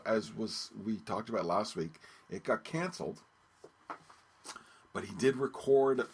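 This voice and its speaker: A man hosting his own podcast, talking casually and haltingly with many ums and restarts. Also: fairly low pitch, slight background noise. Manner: rambling, hesitant, many ums and repeated words. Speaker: podcast host. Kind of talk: casual solo radio-show talk.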